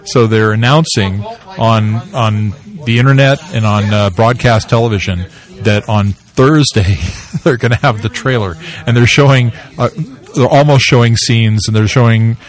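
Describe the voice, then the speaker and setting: A man's voice: on the low side, normal speed. A man co-hosting a podcast, chatting casually about movie news and often searching for his words. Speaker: podcast co-host.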